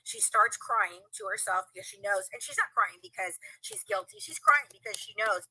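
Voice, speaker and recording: A woman in a casual streamed interview, telling a story in an animated way and acting out the voices of the people she quotes. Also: mid-range voice, normal speed, hardly any pauses, husky, no echo, rough recording. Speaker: guest. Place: live stream video call.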